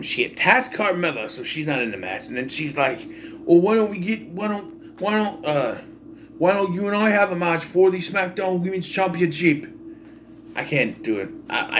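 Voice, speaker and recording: A man's voice: a little high, slight background noise. A young man giving a casual, opinionated wrestling recap, often exasperated and swearing. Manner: animated, exasperated ranting with profanity. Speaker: wrestling pay-per-view reviewer.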